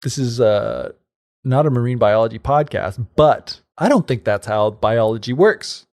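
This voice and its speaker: A man retells a fairy tale on a podcast in a loose, rambling way, filling his sentences with "like" and side remarks. His pitch moves about a lot, rising and falling as he talks. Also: very animated, measured pace, a little mellow. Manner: rambling, many likes and asides. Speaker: podcast co-host. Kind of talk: casual storytelling chat.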